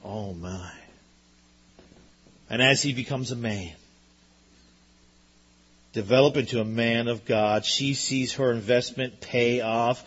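Pastor, male, bright forceful tone, emphatic repeated lines, dull lo-fi recording. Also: medium pitch, fairly even intonation, a little slow, long pauses. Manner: earnest, emphatic preaching with repetitions. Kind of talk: sermon.

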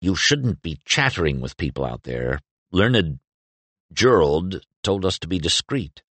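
A man voicing a stern young storybook guardsman, gruff and wary, who scolds curtly. The voice drops low and is recorded dry and close. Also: sing-song, a little slow, fairly bright tone, no room sound, full character voice.

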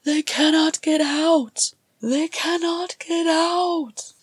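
Lady doing a scared dwarf dude screaming way up high, slow, dry sound. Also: steady tone, no room sound, full character voice. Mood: terrified. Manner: screaming, shrill. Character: terrified dwarf man screaming in panic.

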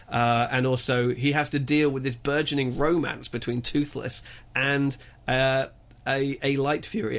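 A man reviewing films on a radio show, telling the story in an animated, rambling way with many restarts. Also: mid-range voice. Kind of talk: casual radio chat.

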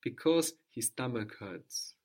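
A man's voice: mid-range voice, lively intonation, slow pace, darkish tone, slightly rough. A man teaching a language lesson, patiently prompting his student and repeating the answers.

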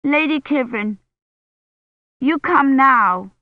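A woman voicing a small, tearful, stubborn young girl who whines and pleads in drawn-out words. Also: high-pitched, expressive, no echo, narrow, tinny audio, voice pushed up. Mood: calling out. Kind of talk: audiobook character voice.

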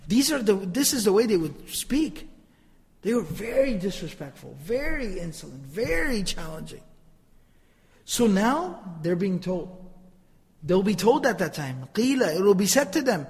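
A man giving an animated Quran commentary lecture, reciting Arabic verses and explaining them with rhetorical questions. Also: high-pitched, moderate pace, long reverb tail. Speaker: Quran teacher.

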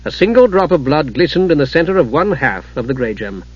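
A man's voice: fairly high pitch, very animated, husky, no room sound. Man narrating a dramatic fantasy audiobook. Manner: dramatic, measured storytelling. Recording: dull lo-fi recording.

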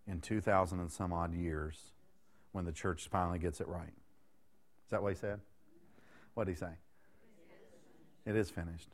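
A man's voice: deep voice, steady tone, moderate pace, pauses often. Folksy male preacher in his thirties. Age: 30s. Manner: folksy, conversational preaching with rhetorical questions to the congregation. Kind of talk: sermon.

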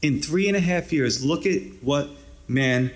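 A pastor preaching a conversational, encouraging sermon, often adding "you know" and "right". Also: male voice, a little high, unhurried.

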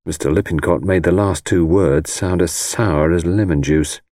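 A man narrating a first-person audiobook in a steady storytelling manner. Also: sits low, normal speed, no room sound, clean studio sound.

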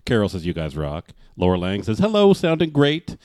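A man hosting a live-streamed music show, chatting casually and often pausing with "uh" as he reads out viewer comments. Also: on the low side, wildly swooping pitch, a little mellow, dry recording. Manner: rambling, fills pauses with uh. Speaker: livestream show host.

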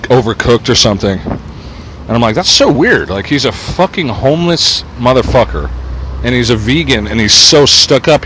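A man's voice: fairly low pitch, a bit bright, a little hiss or hum. An older man rambling on a city street into a small wire mic, profane and irritable, talking to himself and the camera. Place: outdoors on a city street with traffic. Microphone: small wire mic worn on body. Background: passing cars and motorcycles.

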